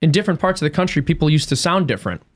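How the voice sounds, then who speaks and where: A man's voice: on the high side, expressive, racing. An American man chatting as a podcast guest, musing aloud at length with many restarts. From United States. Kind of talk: casual chat.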